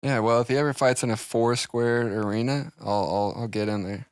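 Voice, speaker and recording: A young man co-hosting a podcast in casual chat, deadpan and teasing. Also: medium pitch, a little fast, clean tone, no echo, studio quality. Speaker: podcast co-host.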